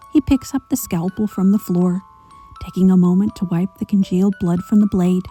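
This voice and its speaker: A woman reading a dark fan story aloud, measured and at times hushed to a whisper. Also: on the low side. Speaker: narrator.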